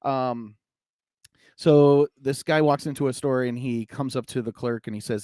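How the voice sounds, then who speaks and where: A man's voice: mid-range voice, fairly even intonation, a little slow, darkish tone, clean tone, no echo, clean studio sound. A man, a pastor, chatting casually and joking, telling a story with put-on voices. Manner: jokey, tells stories with put-on voices. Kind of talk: casual chat.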